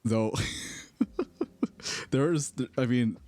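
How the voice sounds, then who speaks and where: A man's voice: medium pitch, very animated, drawn-out words, darkish tone, dry recording. A man streaming in casual chat, telling rambling stories and laughing often. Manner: rambling, self-correcting storyteller.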